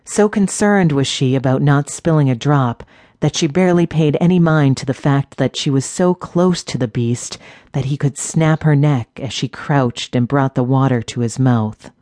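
A woman narrating a fantasy audiobook in a steady, measured storytelling manner. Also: very deep voice, dry recording, clean studio sound.

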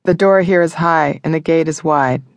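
A male narrator voicing a young woman cleaner who speaks flatly and without warmth. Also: fairly high pitch, moderate pace, gravelly, dry recording. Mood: cool.

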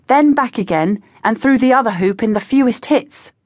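A woman's voice: fairly high pitch, lively intonation, moderate pace, a little mellow, no echo, studio quality, voice pushed up, natural voice. Woman voicing an earnest teenage boy. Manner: eager, slightly anxious.

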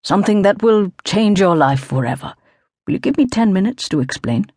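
A woman reading the part of an elderly male business tycoon who speaks in a clipped, even, insistent way. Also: sits high, brisk, dry recording, clean studio sound, pitched above the performer's own voice. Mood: persuasive. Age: older.

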